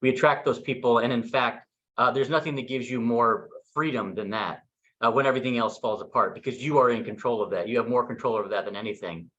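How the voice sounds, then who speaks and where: A man's voice: medium pitch, fast talker, fairly bright tone, lo-fi sound. A man leading a real estate team meeting in an upbeat, enthusiastic way, over a video call. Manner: upbeat, enthusiastic emcee manner. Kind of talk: casual meeting talk.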